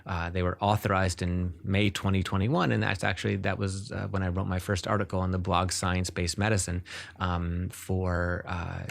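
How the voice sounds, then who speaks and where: A man's voice: deep voice, level tone, moderate pace, gravelly. A man speaking as a neurologist guest in an interview. He explains at length and in earnest, often restarting his sentences.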